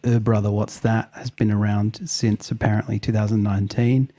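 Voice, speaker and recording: A man with a dark, mellow voice talks through the facts at an easy conversational pace. He co-hosts a chat podcast, casual and unhurried. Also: on the low side, no room sound. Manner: reads facts aloud in a relaxed, conversational way. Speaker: podcast co-host.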